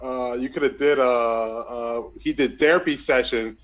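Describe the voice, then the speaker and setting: A man's voice: mid-range voice, fairly even intonation, unhurried, muffled recording. A man co-hosting a casual comedy podcast, chiming in with dry wisecracks. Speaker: podcast co-host.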